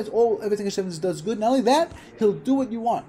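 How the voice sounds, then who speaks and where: A man's voice: high-pitched, animated, fast talker, background noise. A man giving an informal Torah class, telling stories and repeating phrases for emphasis. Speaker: Torah teacher.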